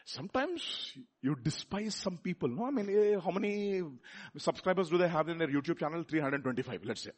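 A man with a Telugu accent preaching a sermon, repeating words and building up to loud rhetorical questions. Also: fairly high pitch, expressive, brisk. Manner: repeats words and restarts phrases.

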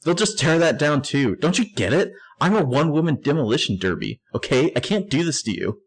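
A man's voice: on the high side, big pitch swings, fairly quick, breathy edge, pitched above the performer's own voice. A man voicing a distraught young woman in a raised, melodramatic reading. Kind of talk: podcast scene reenactment.

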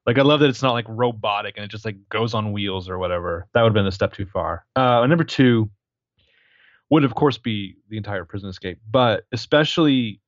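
A man co-hosting a casual film podcast, retelling scenes with eager, animated enthusiasm. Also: lowish voice, brisk, dry recording, lo-fi sound. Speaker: podcast co-host.

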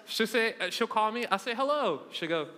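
Young man, twenties, preacher, joking sermon, very bright voice, long hall echo. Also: high voice, a little fast, slight background noise. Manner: playful, joking storytelling with self-mockery. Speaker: youth preacher. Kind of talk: humorous sermon to a live congregation.

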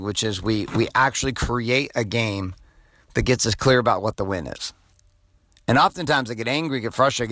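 A man's voice: mid-range voice, a bit bright, dry recording. A man in his forties, the host, giving an off-the-cuff motivational monologue in an intense, profane way, full of "like". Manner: profane, intense, filler-heavy. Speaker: podcast host.

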